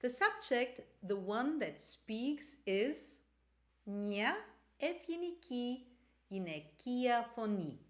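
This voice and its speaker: Slow, lively-voiced woman teaching. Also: fairly high pitch. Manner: slow, careful explaining with repeated example sentences. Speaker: Greek teacher. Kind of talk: language lesson.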